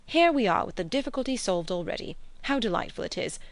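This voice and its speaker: A woman reading aloud, voicing a fussy, excitable older gentleman who frets and gushes. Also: quick pace, dry recording. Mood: excited, fretful. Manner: fretful, gushing, high and animated.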